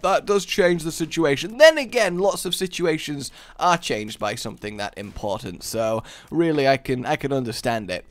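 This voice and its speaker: A man's voice: on the high side, lively intonation, moderate pace, few pauses, no room sound. A man hosting a gaming channel, giving rambling, jokey let's-play commentary full of asides.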